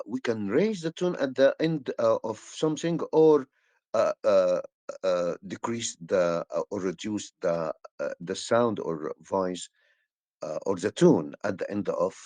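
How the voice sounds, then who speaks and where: A male English teacher explaining a lesson slowly, with many hesitations and fillers. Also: on the low side, a little mellow, no echo. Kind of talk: classroom lesson.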